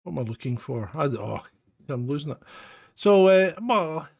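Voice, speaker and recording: A man's voice: on the high side, big pitch swings, normal speed, gravelly, darkish tone, no room sound, clean studio sound. A Scottish man hosting a live phone-in stream, chatting in a rambling, self-mocking way with chuckles. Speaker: host of a live phone-in show. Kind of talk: casual live-stream chat.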